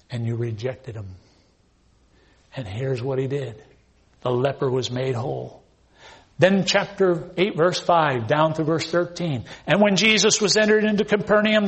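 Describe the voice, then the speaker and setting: A man's voice: fairly high pitch, a bit bright. A man preaching a sermon, reading scripture aloud and explaining it with emphatic, dramatized delivery. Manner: emphatic, acts out scripture scenes. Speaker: pastor.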